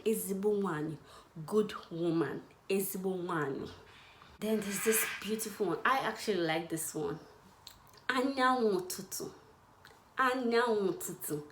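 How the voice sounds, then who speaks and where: A young woman teaches vocabulary in a relaxed, joking manner, often breaking into laughter and saying words over slowly. Her voice sits at an ordinary middle pitch. The room gives it a noticeable echo with a faint hiss underneath. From Nigeria, Igbo. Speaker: language teacher. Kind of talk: casual language lesson.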